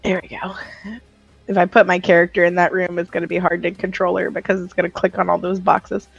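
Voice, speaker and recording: A woman's voice: on the low side, level tone, a little fast, creaky, husky, dry recording, dull audio, faint music behind. A woman chatting casually as a player in a tabletop game, rambling and laughing as she talks. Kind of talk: casual chat.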